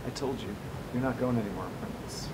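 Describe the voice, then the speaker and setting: A man's voice: medium pitch, quick pace, close to an everyday voice. Guy doing a mean sarge barking orders, mocking, noisy track. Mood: contemptuous. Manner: mocking, commanding. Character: harsh male sergeant bullying his soldier. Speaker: sergeant.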